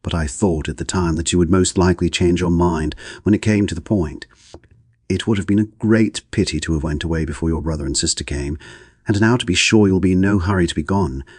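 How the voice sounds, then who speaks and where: A man's voice: low-pitched, fairly quick, breathy edge, dry recording, studio quality. A man voicing a gushing, insincere young woman in an audiobook, with pointed emphasis.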